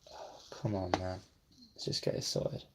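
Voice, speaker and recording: With background noise behind him, a man speaks in a low, level tone at a measured pace. As a brick-building vlogger, he gives casual commentary to himself while building, is self-deprecating, and at times lowers to a near whisper to concentrate.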